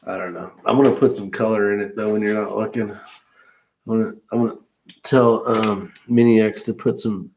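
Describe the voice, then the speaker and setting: A man's voice: fairly low pitch, fairly even intonation, fairly quick, a little mellow, slight background noise. A man co-hosting a casual podcast, joking and teasing his co-host. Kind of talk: casual chat.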